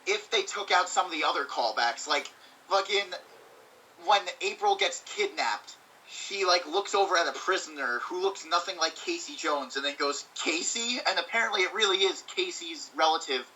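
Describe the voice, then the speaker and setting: A man's voice: on the high side, lively intonation, normal speed, sharp tone, recorded from a distance, slight background noise, rough recording. A man co-hosting a casual movie-review chat, swearing freely and acting out quotes. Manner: swears freely, acts out quotes in funny voices. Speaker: co-host.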